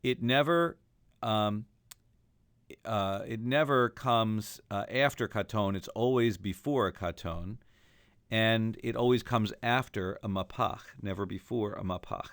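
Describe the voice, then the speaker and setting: A man's voice: lowish voice, unhurried, fairly bright tone, clean tone, no echo. A man teaching a recorded lesson on chanting Torah trope, explaining each mark and then singing the examples.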